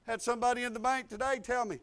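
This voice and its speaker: An older man preaching a sermon, folksy and exuberant, breaking into loud outbursts. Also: very high voice, steady tone, fast. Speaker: pastor.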